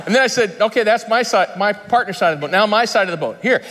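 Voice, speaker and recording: Guy preaching, kinda high voice, funny stories, big echoey hall. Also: expressive, quick pace, fairly bright tone. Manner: storytelling with humor and laughter. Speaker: pastor. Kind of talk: sermon. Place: large conference hall. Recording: long reverb in a hall.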